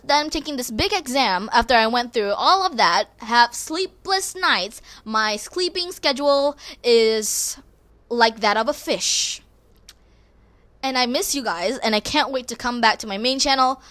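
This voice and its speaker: A woman hosting a podcast, rambling through a casual, expressive, self-deprecating monologue. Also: a little high. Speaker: podcast host.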